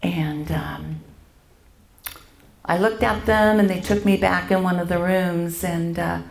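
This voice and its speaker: Slow gravelly older woman, echoey room. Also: on the low side, fairly even intonation. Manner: halting, with many pauses and fillers. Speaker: church member sharing her testimony. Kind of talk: personal faith testimony. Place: church event hall.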